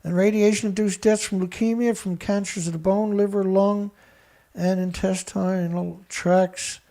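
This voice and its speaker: A man hosting a show, reading research text aloud haltingly and breaking in with scornful remarks to an absent critic. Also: high voice, fairly even intonation, gravelly, dark tone. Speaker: show host. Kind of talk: reading documents aloud with commentary.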